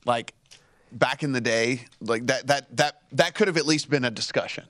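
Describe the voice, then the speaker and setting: A man co-hosting a sports betting chat who talks in a halting, restart-heavy way. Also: medium pitch, a bit bright. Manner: halting, full of fillers and restarts. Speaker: sports betting show co-host.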